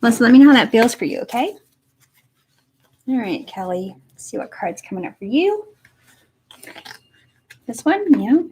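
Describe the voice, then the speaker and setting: A young woman giving a spiritual energy reading on a live stream, talking softly and encouragingly to viewers by name from a room at home. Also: on the high side, sing-song, normal speed, pauses often, slightly rough. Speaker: energy reader. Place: home room next to her computer.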